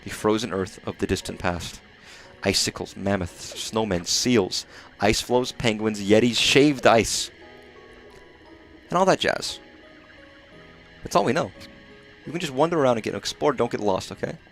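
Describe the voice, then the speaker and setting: A man's voice: on the low side, a little slow, vocal fry, long pauses, a bit bright, faint music behind. A man streaming live gameplay, rambling and swearing casually, sounding exhausted and sleepy. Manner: rambling and profane.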